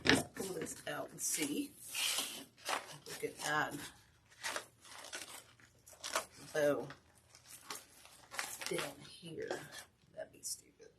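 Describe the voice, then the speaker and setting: Woman host, slow and low, tired and chatty, noisy background. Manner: tired, self-deprecating, chatty with viewers. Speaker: wreath-making channel host. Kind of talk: casual craft tutorial live stream. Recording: steady background noise.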